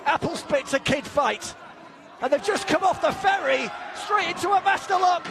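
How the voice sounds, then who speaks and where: A man's voice: extremely high pitch, moderate pace, creaky, crowd noise, noisy background. A man doing live wrestling commentary, calling the action with wry, jokey quips.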